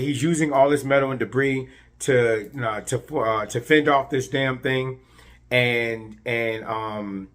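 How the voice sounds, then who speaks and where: A man at an ordinary, middle pitch gives a loose, excited spoken recap of a superhero episode. He talks in a casual way, doubles up on words and leans on fillers as he goes. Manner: animated, repeats words, many fillers. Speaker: show reviewer.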